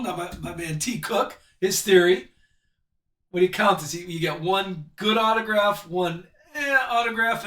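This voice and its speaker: A man with a high, bright voice hosts a live card break, chatty and upbeat as he calls out each card he pulls. He sounds a bit off the mic, and the room is echoey. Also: far from the mic. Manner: chatty, upbeat, calls out cards as he opens packs.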